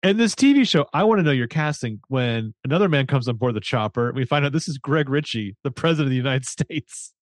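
A man's voice: mid-range voice, expressive, a little fast, hardly any pauses, no room sound, studio quality. Man casually recapping a novel. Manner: chatty recap with fillers, reads dialogue aloud. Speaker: book podcast co-host.

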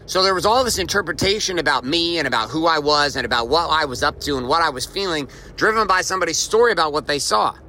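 A man's voice: a little high, quick pace, few pauses, bright, forceful tone, a little hiss or hum, rough recording. A man hosting a motivational podcast, telling a story and repeating his main point with emphasis. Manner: emphatic, repeats key lines. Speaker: podcast host. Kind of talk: motivational monologue.

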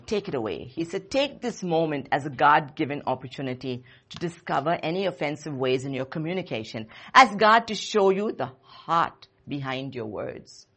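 A woman's voice: sits low, a bit bright, breathy edge. A woman in her fifties preaching to a young church group in an earnest, conversational way, repeating her key phrases for emphasis. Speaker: church speaker. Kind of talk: sermon to a young congregation.

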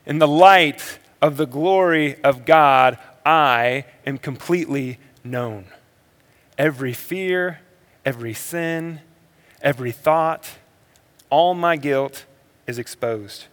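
A man preaching a sermon as a pastor, moving between energetic emphasis and quiet, slow reflective passages. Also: on the high side. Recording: long hall reverb.

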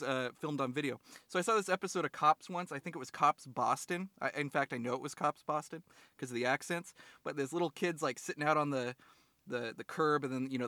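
Jokey young man with a bright voice. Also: on the high side, no room sound. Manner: rambling, jokey, acts out quotes in silly voices. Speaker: podcast co-host. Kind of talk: casual comedic chat.

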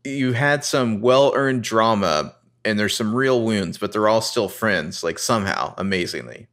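A man co-hosting a casual podcast, retelling a TV scene and acting out lines with lively rises. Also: on the low side, a little slow. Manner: narrates scenes and reads dialogue with animated rises. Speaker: podcast co-host recapping a TV episode. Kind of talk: casual chat.

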